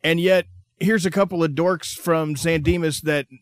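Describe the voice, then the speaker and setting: A man hosts a radio interview with the excitement of a fan, stumbling a bit as he searches for words. His voice sits fairly high, and the sound is dry and close. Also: moderate pace, dry recording. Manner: eager fan, fumbling for words. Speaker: radio show host. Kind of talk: casual interview chat.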